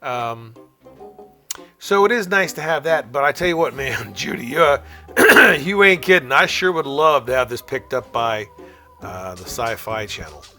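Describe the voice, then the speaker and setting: A man's voice: medium pitch, expressive, unhurried, pushed and bright, soft background music. A man hosting a call-in aftershow podcast, talking in a chatty, upbeat, rambling way with fillers and laughs between calls and sponsor reads. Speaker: podcast host taking phone calls. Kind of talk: casual radio-style chat and sponsor reads.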